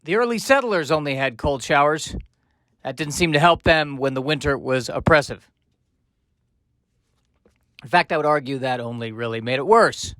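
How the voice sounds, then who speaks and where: A man hosts a comedic podcast, his voice sitting a touch higher than most men's. He rambles from joke to joke with wry, self-deprecating asides. The sound is close and dry, with no room echo. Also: animated, moderate pace, long pauses, fairly bright tone. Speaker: podcast host.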